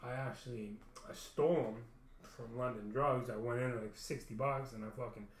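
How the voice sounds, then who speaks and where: A man's voice: medium pitch, steady tone, moderate pace. A young man casually telling a long personal story, rambling with many restarts and frequent swearing. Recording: roomy echo.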